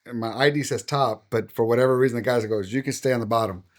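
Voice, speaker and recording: A man's voice: mid-range voice, quick pace. Middle-aged pastor guy telling his story on a podcast, acts out the back and forth, plain mid voice. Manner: animated storyteller acting out quoted dialogue. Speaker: pastor and guest.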